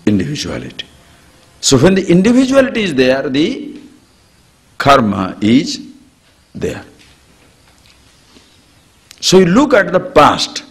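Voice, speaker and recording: A man talks through a spiritual discourse, his voice sitting a touch high and swooping widely up and down. He chuckles often and acts out homely examples as he teaches an audience. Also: wildly swooping pitch, takes it slowly, long pauses.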